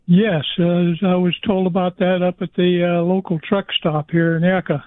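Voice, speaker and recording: Brief: hesitant male caller, high-pitched, phone-line sound. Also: flat delivery, normal speed, dry recording.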